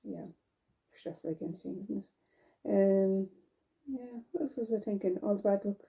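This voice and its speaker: A woman's voice: medium pitch, normal speed, creaky, breathy edge, lo-fi sound. A woman vlogger chatting casually while she knits, rambling from one thought to the next. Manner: rambling and chatty, with fillers and self-corrections. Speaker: knitting vlogger. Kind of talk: casual chat while knitting.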